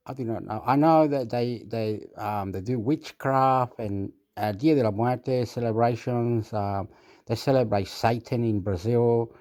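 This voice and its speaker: Slow and darkish in tone, this Australian YouTube vlogger's mid-range voice carries a casual monologue. His talk wanders erratically, circling back to repeat itself and hopping from one thought to another.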